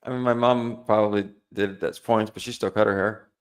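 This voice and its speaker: A man's voice: lowish voice, fairly even intonation, a little fast, clear, resonant tone. A man hosting and arguing in a live-stream debate, trailing off and restarting sentences as he goes. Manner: rambling, restarts his sentences constantly.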